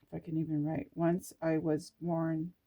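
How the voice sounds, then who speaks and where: A woman's voice: low voice, little pitch movement, moderate pace, mellow. A woman vlogger reading scripture aloud and reacting with emotional spiritual exclamations.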